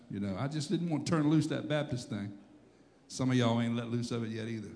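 A man preaching a sermon as pastor, animated, shouting and acting out quotes, now and then laughing at himself. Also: mid-range voice, fairly quick, big-room sound. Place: church sanctuary.

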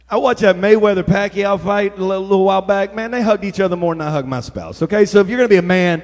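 High-voiced preacher in an echoey hall. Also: male voice, fast talker, few pauses. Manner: energetic storytelling with call-and-response to the crowd. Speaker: pastor. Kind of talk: sermon. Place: church sanctuary.

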